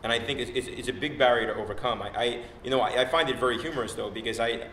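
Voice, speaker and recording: A man on a discussion panel, arguing his point quickly with many restarts. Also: medium pitch, fairly bright tone. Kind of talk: conversational panel talk. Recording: echoey room, faint noise.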